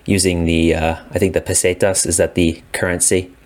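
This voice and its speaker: Man, low voice, laid-back gaming podcast co-host, chatty and rambling. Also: fairly quick. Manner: relaxed, rambling, laughs often. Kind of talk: casual gaming chat.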